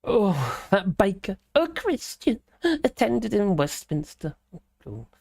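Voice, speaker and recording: A woman's voice: mid-range voice, sing-song, slow pace, vocal fry, a little mellow, dry recording. Woman reading out an article and taking the mick, lots of uhs, dry close sound. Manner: sarcastic, mocking asides between read passages; rambling with many fillers and hesitations. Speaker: livestream host. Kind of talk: reading a news article aloud with commentary.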